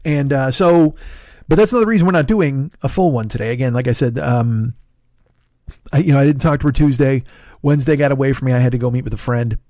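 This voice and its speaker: A middle-aged man hosting his podcast alone, with a hoarse, tired throat, rambling casually with profane, self-deprecating asides. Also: mid-range voice, fast, mellow, dry recording, clean studio sound. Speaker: podcast host. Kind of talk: casual solo podcast chat. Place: home studio in Los Angeles.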